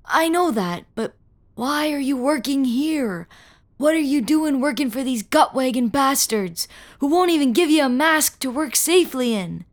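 A woman's voice: sits high, expressive, normal speed, voice pushed up. A woman voicing a frail, dying older man who talks in a folksy, weary way, sighing and coughing, in a single-reader audio story. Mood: earnest. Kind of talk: audio fiction reading.

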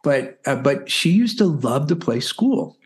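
A man's voice: a little high, very animated, a little slow. A man in his forties talking as a guest on a podcast interview, explaining in a chatty way with lots of "you know" and "right?". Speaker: guest, math curriculum founder.

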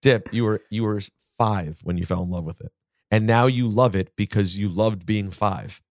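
A man's voice: on the low side, no echo, studio quality. Emphatic man arguing on a podcast. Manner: emphatic, argumentative, quick to push back. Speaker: podcast host. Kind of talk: casual chat.

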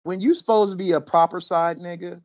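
A podcast host in a casual recap chat, talking in an animated, mocking way. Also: medium pitch, a little fast, no room sound, highs cut off.

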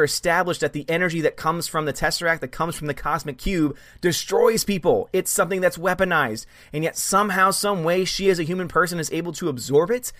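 A man's voice: a little high, fairly bright tone, no room sound. A man hosting a live stream in casual chat, animatedly greeting viewers by name and answering their comments. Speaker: livestream host.

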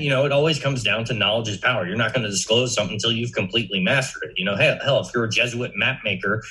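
Bright-voiced man chatting casually. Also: medium pitch, rough recording. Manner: chatty, profane, full of "you know" fillers. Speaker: podcast guest. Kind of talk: casual podcast chat.

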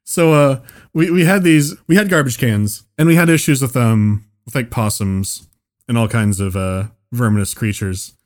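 A man on a relaxed comedy podcast spins out a story in loose, rambling sentences. He stops and restarts often, laughs through his own lines, and swears freely, in an easy middle pitch. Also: normal speed. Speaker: podcast co-host.

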